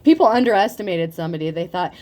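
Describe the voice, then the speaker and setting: A woman giving a casual tarot reading, talking in a profane, animated way and laughing often. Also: fairly low pitch, fast. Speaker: tarot reader.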